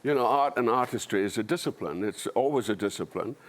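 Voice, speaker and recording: A man's voice: on the low side, animated, a little fast. An older man from Scotland with a Dundee accent, a panel guest talking in a blunt, wry, anecdotal way. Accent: Scottish, Dundee. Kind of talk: panel discussion.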